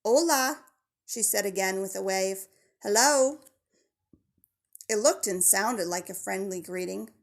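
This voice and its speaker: Woman audiobook narrator, mid-range pitch, gravelly edge, measured delivery. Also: steady tone. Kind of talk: scripted narration of a children's novel.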